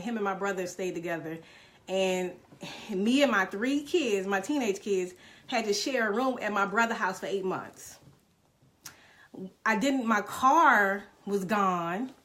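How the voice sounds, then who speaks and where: A woman's voice: mid-range voice, fairly bright tone. Emotional middle-aged woman telling her story. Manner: emotional, tearful at times, addressing viewers as y'all. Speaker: direct-sales business mentor. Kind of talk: casual live-stream testimony.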